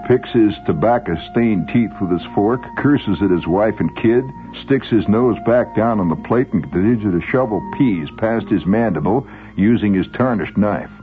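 Low, lively male storyteller; wry first-person narration. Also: phone-quality sound.

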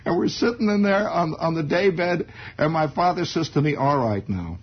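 A man telling a childhood story in a wry, animated way, often chuckling. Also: high voice, normal speed, slightly rough. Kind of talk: spoken storytelling monologue. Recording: dull lo-fi recording.

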